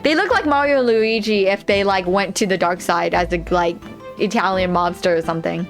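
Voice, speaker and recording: A woman's voice: mid-range voice, brisk, faint music behind. A woman streamer chatting casually and giggling as she reacts to her chat while playing a game.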